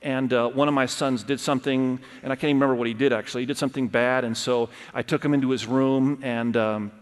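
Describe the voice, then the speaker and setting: Earnest middle-aged preacher in a reverberant hall. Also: male voice, medium pitch, steady tone, fast, smooth. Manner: earnest, emphatic, repeats key phrases. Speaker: pastor. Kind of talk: sermon. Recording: long reverb of a large hall.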